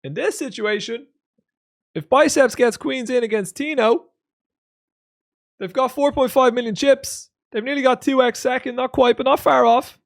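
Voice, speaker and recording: Gravelly man doing poker stream commentary. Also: moderate pace. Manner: casual, swings between low mutters and loud excited outbursts; chats with viewers and reads out their comments. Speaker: poker streamer reviewing replays.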